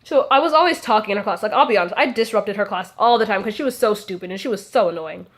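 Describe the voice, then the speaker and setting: A woman's voice: mid-range voice, quick pace. A young adult woman telling a casual storytime to her vlog audience, chatty and full of "like" fillers. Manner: chatty, frequent "like" fillers, acts out quotes. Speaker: vlogger.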